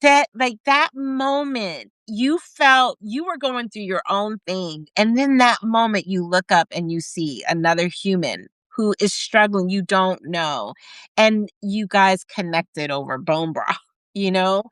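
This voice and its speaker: A woman hosting a casual conversation, talking in an emotional, animated way. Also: medium pitch, measured pace, dry recording. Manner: warm-hearted, emotional, animated. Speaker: podcast host.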